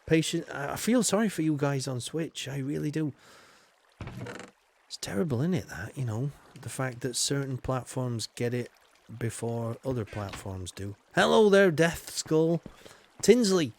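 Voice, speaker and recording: A man's voice: medium pitch, expressive, unhurried, gravelly, slight background noise. A man streaming a game live, chatting loosely with viewers, greeting them by name and filling his talk with ums and you-knows. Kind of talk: live gameplay commentary.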